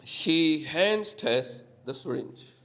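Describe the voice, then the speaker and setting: A man reading an interactive story game's narration aloud in a plain, steady way. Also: fairly high pitch, very slow, soft background music. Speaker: player narrating.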